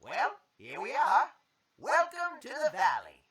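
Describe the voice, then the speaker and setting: A woman's voice: sits high, wildly swooping pitch, measured pace, a bit bright, heavily acted. A woman voicing a friendly welcoming character in a farm dating game. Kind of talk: game voice acting. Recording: over game music.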